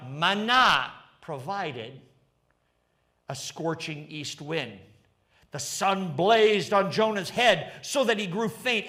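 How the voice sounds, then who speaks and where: Animated preacher man, high voice. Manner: animated, rising to fervent emphasis. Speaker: pastor. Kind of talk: sermon. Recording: livestreamed sermon.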